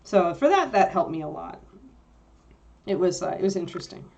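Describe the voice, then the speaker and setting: A woman's voice: fairly low pitch, lively intonation, moderate pace, creaky, darkish tone. A woman co-hosting a livestream, chatting casually with viewers, rambling with lots of fillers and easy laughs. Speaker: livestream co-host answering chat. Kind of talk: casual chat.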